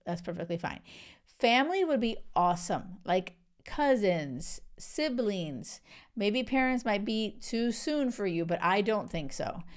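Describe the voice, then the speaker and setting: A woman in her thirties hosts a podcast, talking through relationship advice in a loose, chatty way. Her voice is smooth and clear at a middle pitch. She peppers her talk with "like" and "right?", and she often drops into little acted-out quotes. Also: unhurried. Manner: chatty, animated, fillers like "like" and "right?". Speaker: podcast host. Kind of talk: casual advice monologue.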